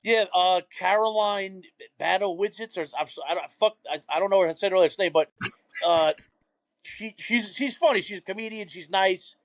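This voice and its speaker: A man's voice: high voice, normal speed, dry recording. A young man, a podcast guest telling rambling, profane stories in casual chat.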